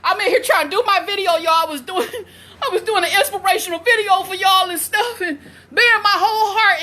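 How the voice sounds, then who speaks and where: A woman in her forties vlogging at home, excitable and loud, laughing and cursing as she talks. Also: very high-pitched, fairly quick. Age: 40s. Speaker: vlogger and mother. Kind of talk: casual vlog. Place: at home, indoors.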